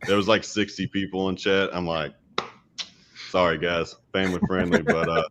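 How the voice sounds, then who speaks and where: A man with a very deep, low voice chats in a laid-back way as a streamer guest. His audio is dull and lo-fi, with a faint hiss underneath. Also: flat delivery, normal speed, fairly bright tone. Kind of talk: casual chat.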